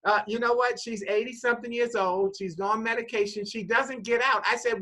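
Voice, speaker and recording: A woman hosting a casual inspirational chat who tells animated stories, often repeating her words and laughing while she tells them. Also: medium pitch, brisk, hardly any pauses, rough recording. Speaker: host.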